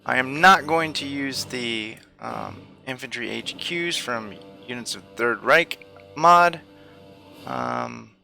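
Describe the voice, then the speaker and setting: A man casually commentating a strategy game, thinking aloud slowly with frequent hesitations. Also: medium pitch, very animated, creaky, sharp tone, soft background music. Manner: slow, hesitant, thinking aloud with many fillers. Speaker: gameplay commentator. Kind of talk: casual let's-play commentary.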